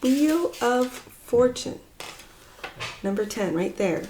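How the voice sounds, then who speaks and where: Woman, tarot reader, very slow, musing, soft trailing phrases, middle pitch. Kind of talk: pick-a-card tarot reading.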